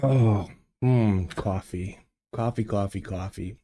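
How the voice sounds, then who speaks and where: A man's voice: lowish voice, slow, dark tone. An older man hosting a casual livestream from his home studio, rambling and chatting with viewers through many fillers and restarts. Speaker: livestream host. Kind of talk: casual chat with live chat viewers. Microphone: desk microphone.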